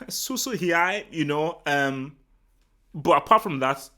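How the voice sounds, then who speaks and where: A man from Nigeria hosting a live football talk stream, chatting casually and answering the chat in an excitable, rambling way full of restarts. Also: a little high, slow. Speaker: football talk show host. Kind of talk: casual livestream commentary, reading the chat.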